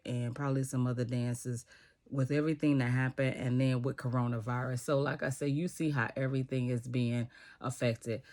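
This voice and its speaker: A man casually recapping a TV episode, retelling scenes in a lively way and acting out the characters' lines. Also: medium pitch.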